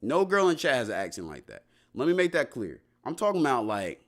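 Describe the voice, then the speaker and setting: Young male streamer, lively slangy talk. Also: mid-range voice, brisk. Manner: slangy and rambling, with many restarts and "bro". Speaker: livestreamer answering chat. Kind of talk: casual stream chat.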